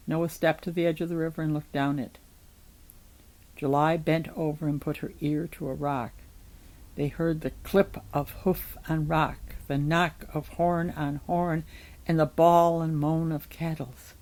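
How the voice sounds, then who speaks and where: A woman reading a novel chapter aloud in an even, measured storytelling manner. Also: low-pitched, rough recording.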